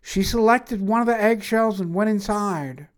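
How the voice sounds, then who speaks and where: A woman's voice: mid-range voice, normal speed. A woman reading a first-person fantasy story aloud in a wry, matter-of-fact way.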